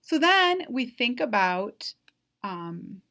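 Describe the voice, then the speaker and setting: A woman's voice: a little high, sing-song, slow pace, sharp tone. A woman giving a recorded online lecture as a Spanish instructor, explaining vocabulary patiently and checking in with frequent "right?" and "um".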